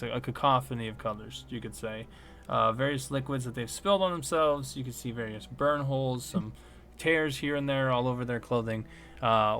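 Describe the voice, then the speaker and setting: Running a tabletop game as game master, a man describes scenes haltingly, filling gaps with lots of fillers. His voice is medium in pitch with a fairly bright tone.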